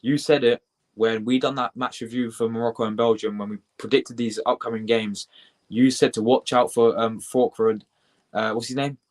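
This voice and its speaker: A young British man hosting a live football reaction stream, chatty and excitable, swearing and shouting out viewers in his chat. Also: medium pitch, normal speed. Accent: British English. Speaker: football livestream host.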